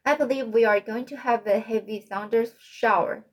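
A woman's voice: fairly high pitch, moderate pace, a little mellow, natural voice. A woman reading the part of an earnest, devoted teenage girl friend in a storybook. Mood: worried.

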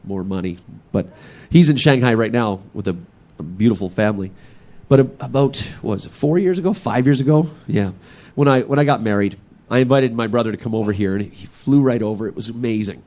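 A man's voice: on the low side, brisk. A man in his thirties telling a funny personal story live, laughing often and acting out his family. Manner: animated, laughing, acts out family members.

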